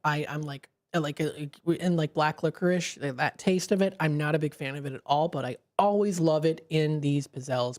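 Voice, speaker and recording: A radio host, chatting on a live call-in show from a studio microphone, rambling with many fillers and restarts. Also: mid-range voice.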